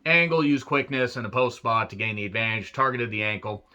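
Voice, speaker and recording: A man's voice: medium pitch, brisk, bright, forceful tone. A man giving a casual, profane recap of an old wrestling show, full of wry, rambling asides. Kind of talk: casual retro recap commentary. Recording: dull lo-fi recording.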